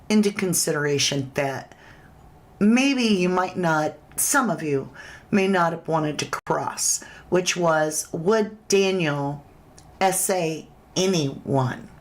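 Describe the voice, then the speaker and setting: A woman hosting a casual true crime livestream, chatting straight to her viewers and reading their comments aloud. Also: lowish voice.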